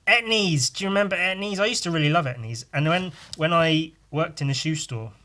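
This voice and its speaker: A man's voice: fairly high pitch, a little fast, bright, forceful tone. A man hosting a podcast, rambling casually with crude, self-mocking humour while he draws. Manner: talks while drawing. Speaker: podcast host.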